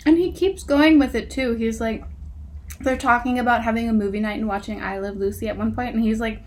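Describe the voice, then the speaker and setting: Sarcastic, laughing woman, higher voice. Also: steady tone, a little fast. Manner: sarcastic, exasperated, laughs often; reads passages aloud with mocking emphasis. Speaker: book reviewer. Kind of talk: casual book review vlog.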